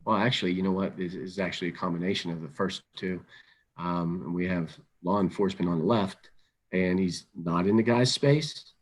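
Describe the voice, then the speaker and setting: A middle-aged man presenting an instructional webinar, calm and measured, often repeating words as he thinks aloud. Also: sits low. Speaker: webinar presenter on crisis intervention.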